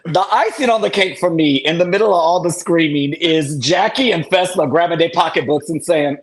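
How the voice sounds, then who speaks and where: A man's voice: on the high side, brisk, rough recording. A man on a chat panel, exclamatory and laughing often, calling people baby and sis. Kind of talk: casual chat.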